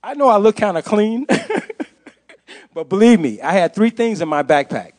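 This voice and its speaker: An impassioned man shares his testimony before a congregation. His voice sits a little high, and he drives his points home by repeating phrases. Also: expressive, moderate pace, darkish tone. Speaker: church speaker giving testimony. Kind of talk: sermon testimony.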